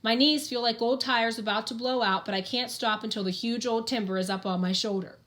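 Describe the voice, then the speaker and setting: A woman's voice: a little high, brisk, fairly bright tone. A woman reading a first-person audiobook in an earnest, plain-spoken storytelling manner. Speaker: audiobook narrator.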